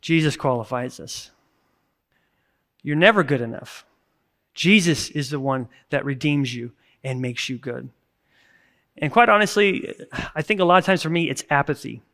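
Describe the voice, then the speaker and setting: A man in his thirties preaches a church sermon with a fairly high voice. He talks in an earnest, conversational way, and now and then breaks into sudden emphatic bursts. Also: expressive, normal speed, pauses often, pushed and bright. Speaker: pastor. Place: church service recording.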